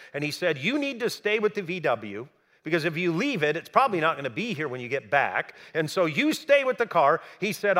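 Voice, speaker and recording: A man recounting a story in a high, animated voice. His pitch swings widely as he plays out the people in it, rising and dropping for effect. He speaks as a storyteller addressing a listening audience. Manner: animated, acts out the people he quotes. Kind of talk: storytelling talk.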